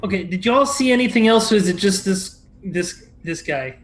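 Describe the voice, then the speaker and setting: A man's voice: high voice, animated, moderate pace. A man playing a tabletop game, joking and teasing the others. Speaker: player.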